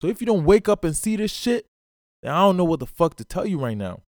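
A man's voice: sits high, sing-song, fast, darkish tone, dry recording, studio quality. A man hosting his own podcast, giving a blunt, profane motivational monologue and repeatedly calling the listener bro. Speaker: podcast host.

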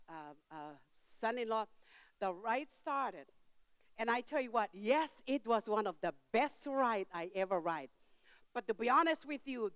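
An older woman preaching a sermon in church, telling a story with emphatic outbursts and quiet asides, in simple non-standard grammar. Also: on the high side, smooth, dry recording.

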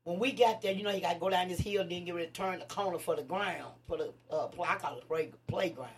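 A woman from Tennessee tells her stories with lively emphasis, her voice gravelly and edged with fry. She sits a little back from the microphone, so she sounds somewhat distant. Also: on the low side, fast talker, a little hiss or hum. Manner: lively, emphatic, frequent laughter and rising exclamations. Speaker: guest, nonprofit activist. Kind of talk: animated storytelling in casual chat.

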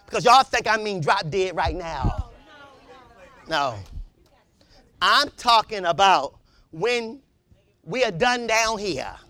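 Fiery high-voiced male preacher. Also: expressive, takes it slowly, long pauses, no room sound. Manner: impassioned, rising to shouts, call-and-response with congregation. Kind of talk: sermon.

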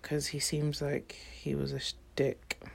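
Low, gravelly woman. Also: completely flat delivery, measured pace. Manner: rambling, lots of "like". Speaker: podcast co-host. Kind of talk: casual chat.

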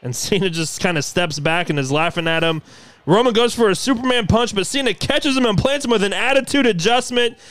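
Brief: energetic male host, play-by-play commentary, high voice. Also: brisk, no echo. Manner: energetic, announcing.

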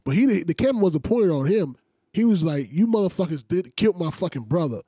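Brief: young male co-host, mellow husky voice, laughs and swears, halting delivery. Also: high voice, lively intonation, dry recording, studio quality. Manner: laughing, profane, halting restarts. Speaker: podcast co-host. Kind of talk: casual podcast chat.

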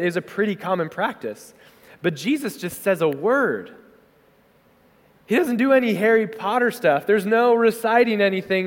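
A man preaching a sermon as pastor, conversational and animated, slipping into quick acted asides. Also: sits high. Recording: hall reverb.

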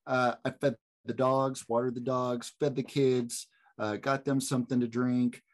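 Male co-host, 30s, mid-pitched, animated storyteller, casual podcast chat. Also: measured pace. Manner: animated storyteller, jumps high when excited.

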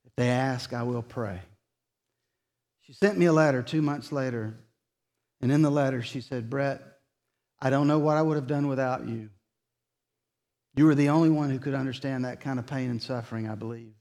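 A man preaching. He is earnest and tells the story by quoting what people said. At the solemn points his voice falls soft and slow. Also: mid-range voice. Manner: retells conversations in quoted dialogue, earnest. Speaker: pastor. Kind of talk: sermon storytelling.

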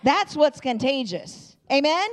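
A woman preaching in a church, cheering on and rallying the congregation with high energy. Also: sing-song, measured pace. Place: church sanctuary.

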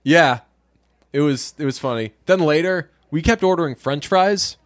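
A young man co-hosting a casual podcast chat, telling stories and quoting people in lively, jumping tones. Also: moderate pace. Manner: animated storyteller, jumps pitch to quote people. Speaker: podcast co-host.

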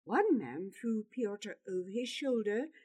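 A woman narrating a storybook in an expressive, dramatic reading. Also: medium pitch, slow pace, breathy edge. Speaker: storybook reader.

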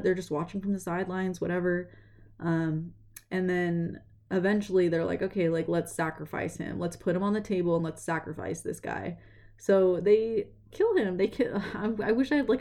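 A woman's voice: lowish voice, vocal fry, a little mellow. A woman casually retelling a story in a rambling way, leaning on "like" and "you know", earnest and reflective. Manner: chatty, rambling, heavy use of "like" and "you know".

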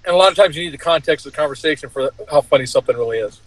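A man joining a casual podcast chat with quick questions from the side. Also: a little high, lively intonation, no room sound, rough recording.

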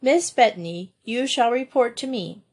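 A woman reading aloud, voicing a kindly but firm male doctor who gives brisk orders. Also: a little high, expressive, darkish tone, husky. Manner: brisk, commanding.

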